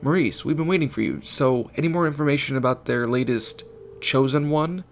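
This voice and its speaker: A man's voice: medium pitch, a little fast, faint music behind, close to an everyday voice. A man doing a grave British teen leader. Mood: serious. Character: serious British teenage boy leader.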